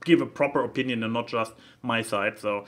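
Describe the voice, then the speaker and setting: A man's voice: mid-range voice, fairly quick, fairly bright tone. A man hosting a podcast in casual chat, playful and teasing with his guests. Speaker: podcast host.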